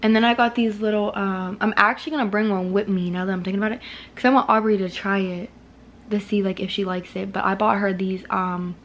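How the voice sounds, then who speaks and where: A young woman, chatting casually and excitably in a vlog, swearing freely and using slang. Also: medium pitch, a little fast, slight background noise. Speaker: vlogger.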